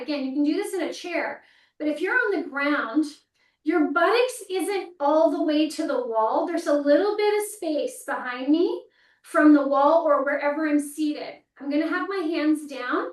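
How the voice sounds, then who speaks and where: A woman coach calmly talking through foot and ankle exercises step by step as she demonstrates them. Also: sits high. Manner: calm, step-by-step cueing while demonstrating. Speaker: movement coach. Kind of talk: guided exercise instruction. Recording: roomy, mic at a distance.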